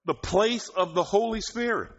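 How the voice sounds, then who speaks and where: High pitched guy preaching slow, laughs a lot, gets loud on the big lines, muffled lo-fi sound. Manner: rising to loud emphatic bursts, laughing often. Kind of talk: sermon. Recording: dull lo-fi recording.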